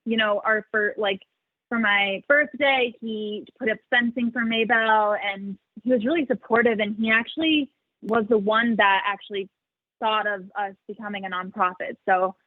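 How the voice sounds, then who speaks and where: Here a young sanctuary founder is interviewed as a guest, talking about her animal sanctuary in a loose, chatty way full of "like" and frequent laughter. Her voice sits at medium pitch and moves at a normal speed. The sound is dry and phone-narrow, without any room sound.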